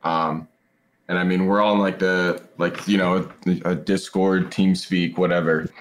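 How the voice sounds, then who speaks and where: Slightly low-voiced gamer guy, rambling, profane podcast storyteller. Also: flat delivery, measured pace. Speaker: esports pro player guest. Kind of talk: casual podcast chat.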